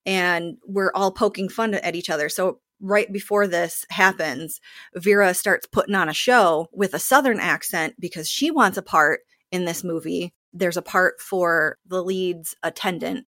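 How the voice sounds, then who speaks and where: A woman with a slightly low voice, speaking as a guest in a casual interview. She tells the story animatedly and now and then acts out other people's lines. The sound is dry and close. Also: unhurried, a bit bright, dry recording. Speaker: actor in the play.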